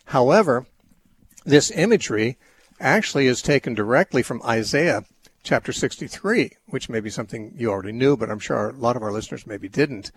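Husky male radio Bible-talk host. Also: mid-range voice, lively intonation, brisk. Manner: thoughtful, rambling with many restarts and fillers. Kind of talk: unscripted call-in Bible answers.

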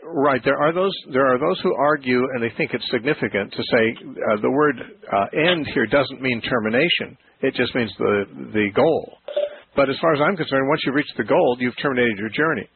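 A man hosting a call-in Bible radio show, explaining ideas slowly and thoughtfully with frequent restarts. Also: medium pitch, noisy background. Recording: phone-like narrow radio sound.

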